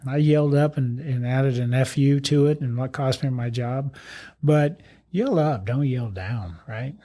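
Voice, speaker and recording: An older man spins long, rambling stories from his career as a fire chief. He talks bluntly, drops salty words and jokes at his own expense, his voice sitting in an ordinary middle pitch. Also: a little slow, dark tone. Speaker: retired fire chief, guest. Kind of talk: storytelling interview talk.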